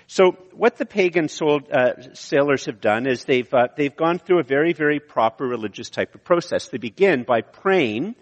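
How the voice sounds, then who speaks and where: Man preaching in a reverberant hall. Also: medium pitch. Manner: conversational, with frequent restarts and fillers. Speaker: pastor. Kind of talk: sermon.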